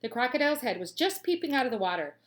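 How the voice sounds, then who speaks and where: A woman teacher reading a children's storybook aloud with clear, expressive storytelling and playful asides. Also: fairly high pitch, rapid-fire.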